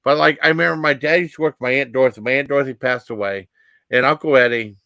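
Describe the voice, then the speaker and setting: A man in his fifties telling rambling personal stories as a vlog host, halting with many fillers and restarts. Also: medium pitch, vocal fry, bright, forceful tone, no room sound.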